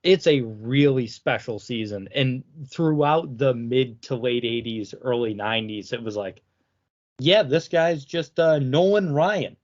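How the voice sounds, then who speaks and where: A man's voice: mid-range voice, measured pace. Opinionated man co-hosting a sports podcast. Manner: opinionated, uses "like" a lot. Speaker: podcast co-host. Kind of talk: casual sports chat. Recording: dull lo-fi recording.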